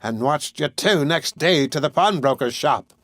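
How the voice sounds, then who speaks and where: A shrivelled old pauper woman, as a male reader puts her on, pitched well above his own voice and dragging her words out slowly as she accuses. The reading is dry and close, like a storybook told at a desk. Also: animated, fairly bright tone, no echo. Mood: accusing.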